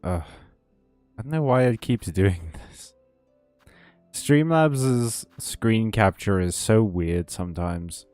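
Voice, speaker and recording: A man's voice: on the low side, slow pace, darkish tone, no echo, soft background music. A man chatting casually on a game stream, rambling and ranting, often laughing between thoughts, talking close to a desk mic.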